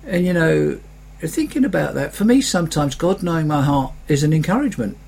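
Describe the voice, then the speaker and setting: Guy pastor giving a sermon, kinda husky voice, chatty, does little mocking voices. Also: fairly high pitch, expressive, a little fast, darkish tone. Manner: conversational preaching with mocking quoted voices.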